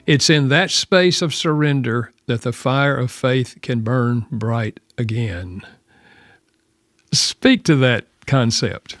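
A man hosting a Christian radio program, asking his guest questions in a calm, measured way and giving brief affirmations while he listens. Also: mid-range voice, no echo, studio quality. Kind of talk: interview.

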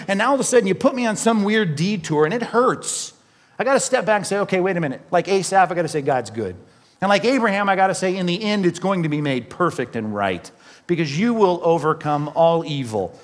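A male pastor preaching a sermon, emphatic, with rhetorical questions and repeated phrases. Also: sits high.

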